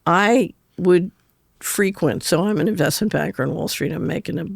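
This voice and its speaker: A woman's voice: on the low side, normal speed, vocal fry, dry recording, clean studio sound. An older woman, a guest on an interview show, telling anecdotes in a chatty way and laughing through her stories. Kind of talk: conversational storytelling interview.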